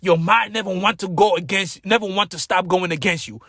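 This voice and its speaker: A man with a husky, fairly high voice gives an impassioned motivational speech. He preaches hard, swinging between low, intense stretches and loud, emphatic peaks, and hammers home repeated key words. The room sounds dry and close. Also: brisk, hardly any pauses, no echo. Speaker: motivational speaker.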